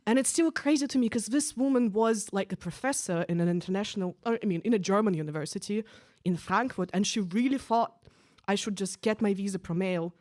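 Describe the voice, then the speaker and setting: Young woman, stand-up comedian, casual chatty delivery, mid pitch, dry close sound. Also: fairly quick, a little mellow, no room sound. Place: stage at a live event.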